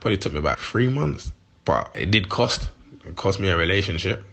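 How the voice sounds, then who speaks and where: A man's voice: low voice, big pitch swings, gravelly, a bit bright. A man in his forties with a London accent, talking heatedly in street slang as an interview guest. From London, England. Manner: heated, slangy, quick to laugh. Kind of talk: candid interview chat.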